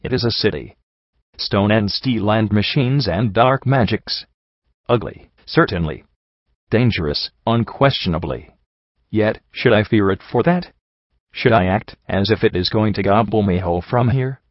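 A man voicing a gentle, wise female zebra storyteller, a mother, in a measured, formal, gently teasing way, in a fan audiobook reading. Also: on the low side, no echo. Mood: thoughtful. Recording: dry, slightly muffled lo-fi recording.

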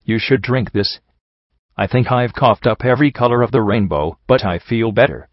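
A man's voice: mid-range voice, moderate pace, dry recording, lo-fi sound, natural voice. A man reading a blunt young mare, in dry retorts.

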